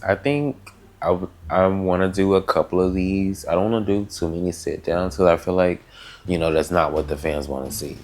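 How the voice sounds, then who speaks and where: A man's voice: sits low, moderate pace, soft background music. A young man chatting in a casual, rambling, slangy way, answering get-to-know-me questions on his vlog. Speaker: vlogger. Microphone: camera mic.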